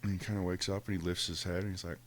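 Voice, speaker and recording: Deep-voiced man telling a profane story. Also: racing. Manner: profane, animated, laughs often. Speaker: podcast host. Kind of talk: casual storytelling.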